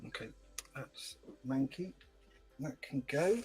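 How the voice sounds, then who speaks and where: A man hosting a scale-modelling livestream, chatting casually and telling stories with animated voices. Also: medium pitch, takes it slowly, slightly rough, soft background music, low-quality recording. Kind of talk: casual chat while building a model.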